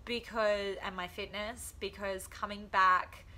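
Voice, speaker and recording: A woman's voice: medium pitch, fairly even intonation, unhurried, sharp tone. A young woman telling funny stories in a casual vlog, laughing often and acting out quotes. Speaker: vlogger, professional boxer.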